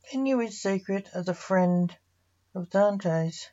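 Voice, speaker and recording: A woman reading a short story aloud in a plain, even narrating voice. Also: medium pitch, takes it slowly, lo-fi sound.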